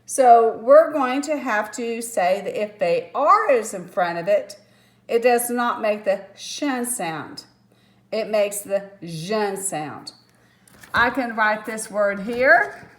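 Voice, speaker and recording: Slow-talking woman teaching phonics. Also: fairly high pitch, lively intonation. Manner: patient, step-by-step explaining with asides. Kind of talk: phonics lesson.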